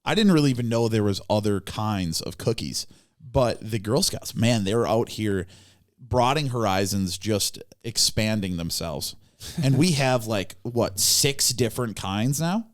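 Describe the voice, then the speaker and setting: A man's voice: lowish voice, animated, measured pace. A worn-out man co-hosting a podcast, joking around in casual banter. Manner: laid-back, joking, says "dude" a lot. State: tired, worn out. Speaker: podcast co-host.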